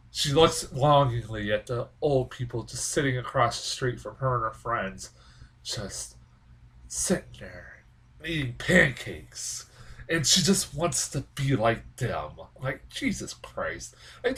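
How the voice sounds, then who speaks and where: A man talks through a film review in a loose, rambling way, swearing freely and sounding fed up. His voice is bright and forceful, sitting at an ordinary middle pitch. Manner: rambling, profane and exasperated, lots of fillers. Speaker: movie reviewer. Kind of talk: casual spoken film review.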